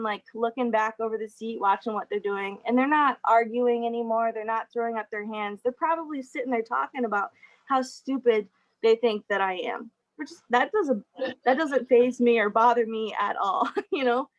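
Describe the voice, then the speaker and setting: A woman's voice: on the high side, highs cut off. A young adult woman giving a casual talk as guest speaker, chatty, with frequent laughs and fillers. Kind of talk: casual presentation over a video call.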